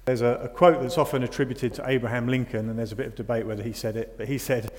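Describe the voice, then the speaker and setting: A man's voice: medium pitch, fairly even intonation, fast. A man preaching a sermon in a conversational way, often asking his listeners rhetorical questions. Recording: long reverb of a hall.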